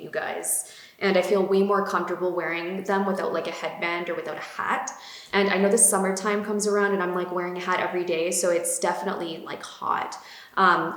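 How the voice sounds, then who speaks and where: Bubbly chatty woman, low voice. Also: a bit bright. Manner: bubbly, gushing, many fillers. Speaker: beauty vlogger. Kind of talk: casual chatty product talk. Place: home room. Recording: echoey room.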